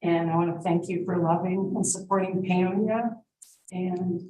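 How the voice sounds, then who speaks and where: A woman's voice: lowish voice, steady tone, a little slow, warm tone, a little hiss or hum. A woman giving a heartfelt, emotional public comment at a town meeting. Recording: echoey room, distant mic.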